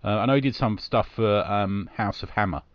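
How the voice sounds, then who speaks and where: A man's voice: fairly low pitch, a little fast, no echo, dull audio. A man hosting a casual comic book podcast, chatty, often trailing off with tag questions.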